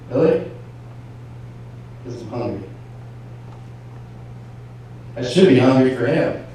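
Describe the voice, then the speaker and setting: A man preaching, telling a personal story and acting out his inner dialogue, with his voice swinging from hushed to shouting. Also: medium pitch, expressive, slow pace, pauses often, slight background noise. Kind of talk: sermon testimony. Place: large church hall. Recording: echoey church hall from far off.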